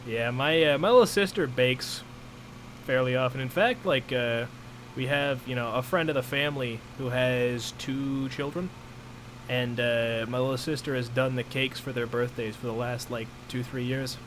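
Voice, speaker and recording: A man's voice: mid-range voice, normal speed, slight background noise. A young man hosting a casual stream chat, rambling along with many fillers. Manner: relaxed, rambling, full of fillers. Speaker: streamer host.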